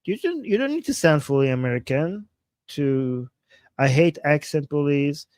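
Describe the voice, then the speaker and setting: A man's voice: a little high, lively intonation, normal speed, a little mellow, no room sound. A man hosting a casual livestream in his non-native English, reading viewer comments and often restarting his sentences earnestly. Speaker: livestream host.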